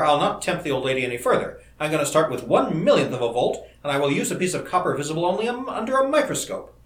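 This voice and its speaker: Eager young male inventor, man reading the part, animated delivery, echoey room. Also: fairly high pitch. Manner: eager, rapid enthusiasm. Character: bright, excitable young male scientist. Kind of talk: audiobook character reading. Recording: roomy echo.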